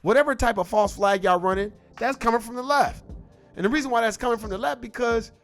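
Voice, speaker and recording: A man's voice: very high-pitched, fast, faint music behind. A man delivering a heated, slangy monologue full of repeated rhetorical questions. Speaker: political commentator. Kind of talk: casual ranting monologue.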